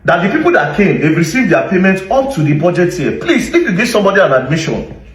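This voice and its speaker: A combative Nigerian man rants in sarcastic commentary, his fairly high voice swinging widely up and down. He sounds set back from the mic in an echoey room. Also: big pitch swings, fast, far from the mic. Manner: sarcastic, combative, full of rhetorical questions. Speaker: social media commentator. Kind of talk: ranting commentary to camera.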